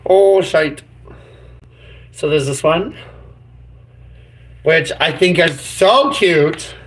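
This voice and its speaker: A man's voice: on the high side, drawn-out words, slight background noise, poor audio. Goofy, rambling male YouTuber. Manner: silly, rambling, full of made-up words. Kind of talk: goofy casual live-stream chatter.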